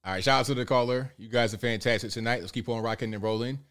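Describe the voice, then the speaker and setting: A man's voice: medium pitch, fast, clear, resonant tone. A man hosting a live call-in show, reading out viewer comments and taking calls in an upbeat way. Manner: upbeat, reads out viewer comments and shout-outs. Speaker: show host.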